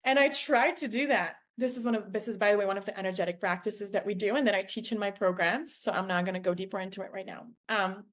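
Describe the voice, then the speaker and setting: This young podcast host talks fast with few pauses, her medium-pitched voice holding a steady tone. Telling a personal story, she's effusive, uses "like" a lot, and voices the people she quotes.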